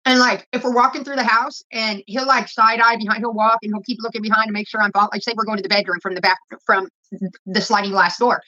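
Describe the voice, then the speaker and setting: A woman rambles through a blunt, profane rant to her viewers. Her voice is high, bright and sharp, and she talks fast. The audio is dull and lo-fi, like a phone recording. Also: steady tone. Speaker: vlogger. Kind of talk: casual rant to camera.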